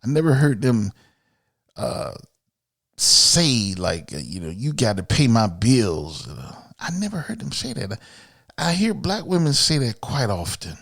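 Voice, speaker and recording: A man's voice: mid-range voice, wildly swooping pitch, unhurried, creaky, fairly bright tone, husky, dry recording, clean studio sound. A man from Miami hosting a podcast, ranting bluntly and profanely in an opinionated solo monologue. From Miami, USA. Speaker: podcast host.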